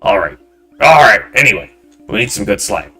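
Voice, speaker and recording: A man voicing a loud, arrogant male film director who shouts and talks down to people. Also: medium pitch, huge pitch swings, normal speed, creaky, faint music behind, voice pushed up, full character voice. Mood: brash, condescending. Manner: shouting, condescending, brash.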